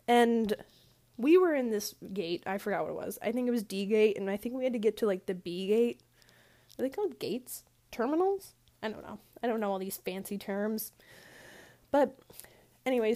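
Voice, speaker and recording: A young woman vlogger with a mellow, mid-range voice rambles through a story in a casual, chatty way. She fills it with asides and lots of "like" fillers.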